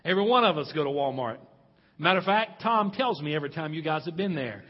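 A man's voice: on the high side, lively intonation, fast talker, breathy edge, long reverb tail, highs cut off. A male pastor preaching a sermon, stressing points and putting questions to his congregation.

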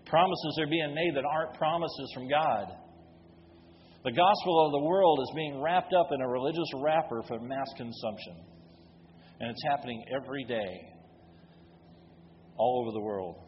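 Impassioned pastor preaching in a hall. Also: male voice, on the high side, normal speed, a little hiss or hum. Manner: impassioned, emphatic rhetorical questions. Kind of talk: sermon. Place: church sanctuary. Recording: dull recording with long hall reverb.

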